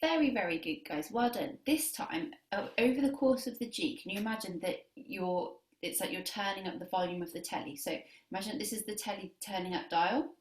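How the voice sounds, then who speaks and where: A woman's voice: medium pitch, fairly quick, hardly any pauses, echoey room. A woman teaching a beginner clarinet lesson on video, counting students in and giving lots of praise. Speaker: music teacher.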